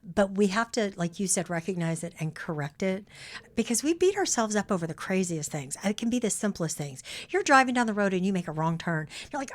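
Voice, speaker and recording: A woman's voice: medium pitch, animated, fairly quick. A woman co-hosting a podcast in casual chat, affirming and encouraging as she talks. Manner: encouraging, affirming, plays out self-talk. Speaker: podcast co-host.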